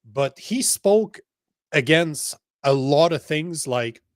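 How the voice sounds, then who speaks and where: A man's voice: on the high side, animated, slow pace, no room sound, clean studio sound. A man co-hosting a political podcast in casual chat, talking in a heated, blunt and profane way. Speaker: podcast co-host.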